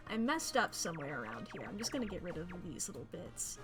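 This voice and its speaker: A woman's voice: medium pitch, sing-song, a little fast, hardly any pauses, over music. A woman streaming a puzzle game, chatting in a playful, rambling way and laughing often. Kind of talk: casual gameplay commentary.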